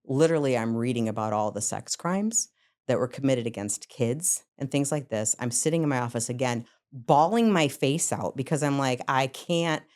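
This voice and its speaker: A middle-aged woman with a very low, deep voice speaks as a psychotherapist guest on a podcast. She tells stories from her working life in a lively way, acting out the scenes and laughing along the way. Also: moderate pace. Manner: lively storyteller, acts out scenes, laughs often. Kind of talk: podcast interview storytelling.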